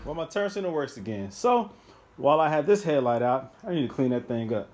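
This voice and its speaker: A man talking viewers through a car repair in a casual how-to vlog, recorded on a handheld phone. He speaks to them directly and chats along, and now and then bursts into loud excitement. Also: a little high, a little fast, noisy background. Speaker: DIY car repair vlogger. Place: working on a car, by its headlight.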